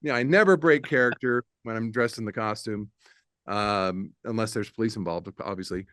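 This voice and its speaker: A middle-aged man, a guest producer and audio engineer, telling animated anecdotes in a casual interview and laughing often. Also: fairly low pitch, normal speed, no echo, studio quality. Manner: animated anecdote-teller, laughs often, slips into voices for others.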